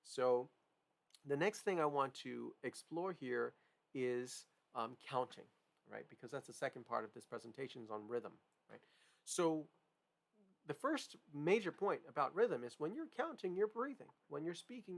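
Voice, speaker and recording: A man's voice: medium pitch, expressive, measured pace, creaky. A man teaching a music lesson, explaining with frequent "right?" and "okay?" check-ins. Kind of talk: piano lesson demonstration.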